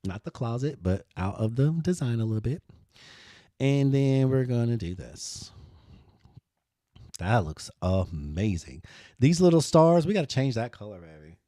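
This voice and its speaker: A man's voice: medium pitch, very animated, measured pace, warm tone, no room sound, clean studio sound. A man hosting a live design tutorial, talking to viewers in a playful, sassy way.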